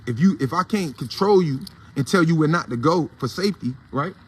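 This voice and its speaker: A man's voice: fairly high pitch, animated, a little fast, husky. A man with an African American Vernacular English accent hosting a casual morning commentary, blunt, heated and profane in a preachy way. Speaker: host of a morning commentary show.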